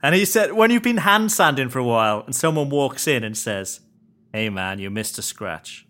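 A man's voice: mid-range voice, animated, moderate pace, a bit bright. A man co-hosting a podcast, reading listener comments and making wry asides. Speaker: podcast co-host. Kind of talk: casual chat.

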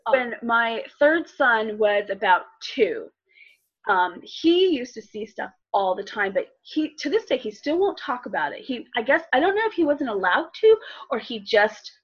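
A middle-aged woman, a life coach and healer, telling stories in an animated way with laughs, acting out the voices in them. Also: on the high side, moderate pace, husky, lo-fi sound. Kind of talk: casual storytelling in an interview.

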